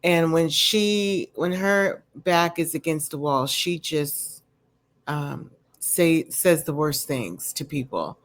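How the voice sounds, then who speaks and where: Slow, low-voiced woman chatting casually. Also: lively intonation. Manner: rambling, full of "you know" and "um" fillers; candid, opinionated asides. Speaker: vlogger recapping a reality show. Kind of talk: casual chatty recap commentary. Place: home with a dog nearby.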